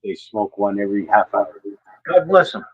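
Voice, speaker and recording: A man's voice: lowish voice, very animated, moderate pace, slightly rough. A man in casual chat, telling easygoing stories. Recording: dull lo-fi call audio.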